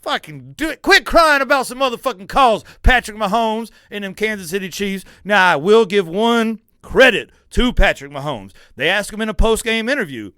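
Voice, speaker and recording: A man's voice: high-pitched, lively intonation, moderate pace, few pauses, clear, resonant tone, no echo, studio quality. Heated, foul-mouthed man ranting about football. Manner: loud, heated, swearing freely, mocking. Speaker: podcast host. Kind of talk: profane sports rant.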